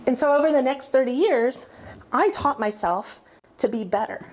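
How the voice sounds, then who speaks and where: A woman in her forties speaks in a fairly high voice, giving a personal testimony. She tells her story candidly and pokes fun at herself. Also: lively intonation, normal speed, darkish tone. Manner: candid storytelling with self-mocking humor.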